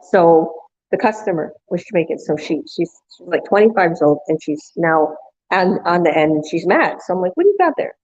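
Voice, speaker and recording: A woman's voice: on the low side, fairly even intonation, normal speed, darkish tone, lo-fi sound. A woman vlogger casually telling a long story, rambling with restarts and quoting people along the way. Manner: rambling anecdote with restarts and acted-out quotes.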